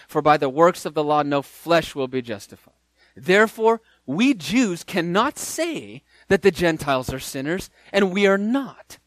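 A man preaching a verse-by-verse sermon, emphatic and repeating key phrases for stress, with lively swings in loudness. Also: a little high, no room sound.

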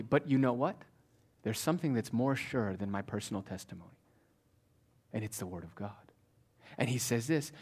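A pastor preaching a sermon, moving between forceful declarations and quiet, almost whispered asides. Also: male voice, medium pitch, lively intonation, moderate pace. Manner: swings from loud declaring to hushed near-whispers.

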